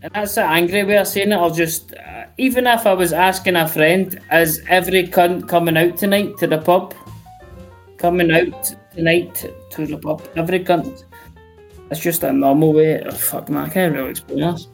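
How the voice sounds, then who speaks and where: A man's voice: on the high side, fairly even intonation, moderate pace, creaky, faint music behind. A drunk Scottish man calling in to a live chat show, talking bluntly and swearing in nearly every sentence. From Scotland. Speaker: caller. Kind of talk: casual call-in chat.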